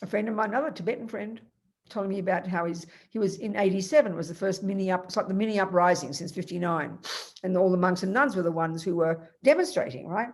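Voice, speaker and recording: A woman's voice: medium pitch, fast talker. Emphatic woman teaching Buddhist ideas. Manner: emphatic, animated storytelling; addresses students by name. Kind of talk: Dharma teaching.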